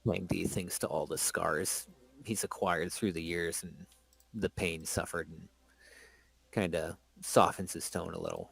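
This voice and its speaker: A man's voice: sits low, fairly even intonation, measured pace, creaky, fairly bright tone, husky. A man narrating his character in a tabletop game, casually with fillers. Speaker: player. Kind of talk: tabletop role-play narration.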